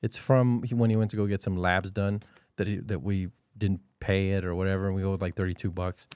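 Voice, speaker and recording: Man, thirties, podcast co-host, casual storytelling, low pitch, dry recording. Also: level tone, brisk, a little mellow, smooth, no room sound. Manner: storytelling, acts out his kids' voices. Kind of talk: casual chat.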